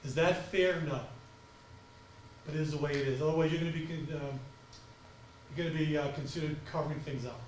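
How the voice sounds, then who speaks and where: A man giving a conference talk on crisis communications, speaking fast and passionately. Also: on the high side, a little hiss or hum. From United States. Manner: fast, passionate, animated delivery. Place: auditorium. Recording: echoey auditorium from far off.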